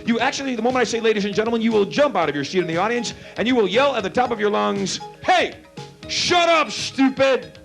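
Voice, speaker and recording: A man's voice: sits high, vocal fry. Commanding man running a hypnosis stage show. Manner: commanding, giving playful hypnotic suggestions. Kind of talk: live stage show patter. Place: theater stage before a live audience.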